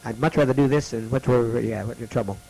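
A man teaching a classroom lesson, slowly repeating each letter's sound for students to copy. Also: mid-range voice, creaky, a little mellow, slightly rough, low-quality recording.

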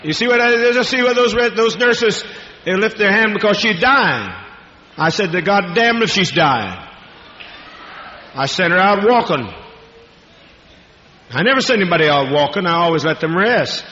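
A man's voice: high-pitched, lively intonation, moderate pace, long pauses, sharp tone, slight background noise. A man preaching at a healing service, cursing freely and barking commands at the congregation. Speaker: preacher and faith healer. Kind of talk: fiery healing-service sermon. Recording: dull lo-fi archive recording in a reverberant hall.

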